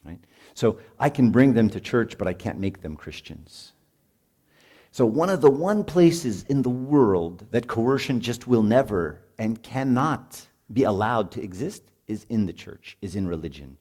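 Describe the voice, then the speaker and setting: A middle-aged man talks to parents in a loose, chatty sermon, tossing in "right?" again and again. His voice sits a bit low, with a soft, mellow tone. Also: big pitch swings, measured pace. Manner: informal, peppered with "right?", acts out parents and kids. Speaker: speaker at a marriage retreat.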